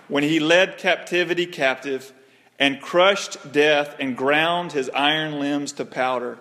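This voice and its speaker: A man preaches in a sanctuary with long reverb trailing his words. His voice sits a little high. He builds to emphatic declarations, then drops to a quiet, earnest appeal before prayer. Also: slow pace. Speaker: pastor. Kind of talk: sermon and closing prayer. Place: church sanctuary.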